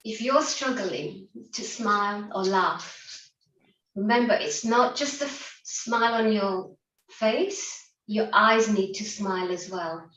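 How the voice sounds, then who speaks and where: A woman's voice: mid-range voice, slow pace, a bit bright. A woman guiding an online laughter yoga session, upbeat and encouraging, often breaking into laughter. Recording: roomy, distant from the mic.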